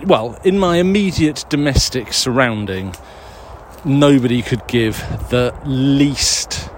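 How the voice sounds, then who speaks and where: A man's voice: mid-range voice, lively intonation, slow pace. A man chatting casually and out of breath while walking a dog in the woods, rambling, swearing and mocking himself as he answers listener questions.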